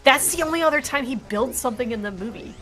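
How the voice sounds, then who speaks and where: A woman chatting casually with a friend during a stream, quick and animated, full of fillers and jokes. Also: high voice, faint music behind. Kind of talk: casual chat.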